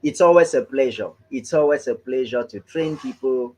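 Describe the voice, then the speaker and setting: A man's voice: medium pitch, moderate pace, darkish tone, poor audio. A man hosting a live online business training, welcoming viewers one by one in an upbeat, chatty way and often tagging on "right?".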